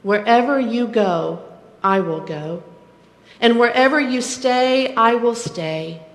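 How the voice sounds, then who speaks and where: A woman reading as a loyal young widow pledging to stay, earnest and steadfast. The words come slow and deliberate. The sanctuary adds a long, roomy echo. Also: a little high, expressive. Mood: earnest, devoted. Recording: echoey church sanctuary.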